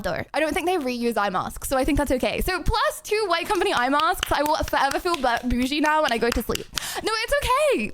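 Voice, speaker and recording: A woman's voice: a little high, dry recording. A young woman streaming in casual chat, rambling and chatty with lots of filler words.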